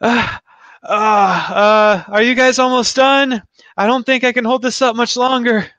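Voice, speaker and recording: A man doing a pony hero in a fantasy tabletop game, voice pushed way up high and tight, anxious and urgent, pleading with the others while holding up a shield. It has a smooth, clean tone, and the line is delivered in a rush. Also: fairly even intonation, a little slow, sharp tone, dry recording, heavily acted. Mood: strained.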